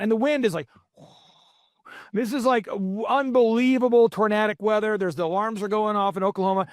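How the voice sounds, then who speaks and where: A man's voice: high voice, fairly even intonation, a little fast, no room sound, studio quality. A man in his forties hosting a business podcast, telling stories energetically with many fillers and restarts. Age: 40s. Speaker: podcast host and business coach. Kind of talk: motivational business talk.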